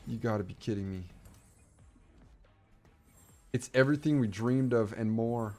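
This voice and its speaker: A young man streaming a strategy game, talking to himself and chat, swinging from low muttering to excited yelling. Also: fairly quick, hardly any pauses, faint music behind. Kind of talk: casual game commentary.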